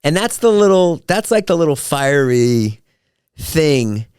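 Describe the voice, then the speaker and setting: A podcast host chats casually on his own show, a man with a fairly high voice speaking at a slow, smooth pace. He's an animated storyteller who acts out quotes as he goes. The studio recording is clean, with no echo.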